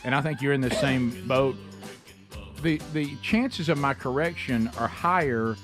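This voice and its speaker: A man's voice: medium pitch, a little slow, a bit bright, faint music behind. A man with a Southern American accent co-hosting a radio show, joking about himself and laughing often. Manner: self-mocking, laughs often. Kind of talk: casual radio banter.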